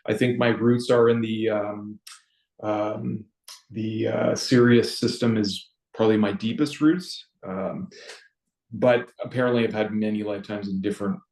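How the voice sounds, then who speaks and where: A man's voice: fairly low pitch, fairly even intonation, vocal fry, a little mellow. Canadian man sharing, roomy echo. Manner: rambling, halting restarts. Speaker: circle participant. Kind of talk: personal spiritual sharing.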